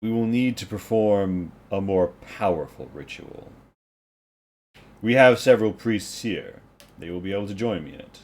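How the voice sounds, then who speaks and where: A man voicing a solemn male priest who claims to see all, speaking slowly in grave, archaic phrases. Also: lowish voice, animated, darkish tone.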